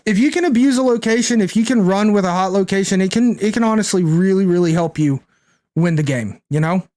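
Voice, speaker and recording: A man's voice: high-pitched, fairly quick, a little mellow. A young man streaming a card game, chatting casually, thinking aloud and answering his chat. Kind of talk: casual live-stream commentary.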